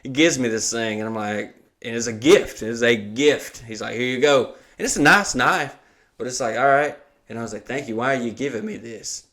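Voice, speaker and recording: A man's voice: medium pitch, a little fast, bright, forceful tone. A man co-hosting a podcast, telling stories casually, swearing and laughing often and acting out the people he quotes. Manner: profane storyteller, laughs often, acts out quotes. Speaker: podcast co-host.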